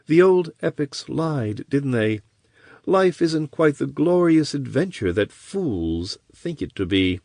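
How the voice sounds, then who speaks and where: A man's voice: fairly high pitch, sing-song, slow, darkish tone, no room sound, clean studio sound, pitched above the performer's own voice, exaggerated voice. Chryseis, a cynical seductive sorceress voiced by a man. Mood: mocking. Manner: silky and coaxing.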